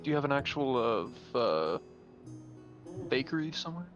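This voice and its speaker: A man playing a tabletop game, curious and asking quick questions. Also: medium pitch, very animated, highs cut off, soft background music. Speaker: player. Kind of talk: casual tabletop game chat.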